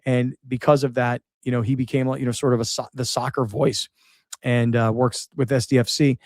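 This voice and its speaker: A middle-aged man hosting a radio show, remembering a late friend in halting speech that repeats words and shifts between sadness and laughter. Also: medium pitch, level tone, a little mellow, dry recording, clean studio sound. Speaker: radio host. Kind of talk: emotional on-air remembrance.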